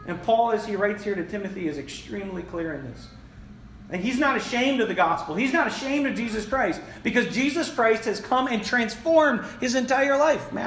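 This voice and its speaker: A man's voice: high-pitched, animated, fairly quick, fairly bright tone, slight background noise. A male pastor preaching a sermon in an emphatic, repetitive style, calling out to his congregation. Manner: emphatic, repeats key phrases, addresses the congregation. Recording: echoey room with faint ambience.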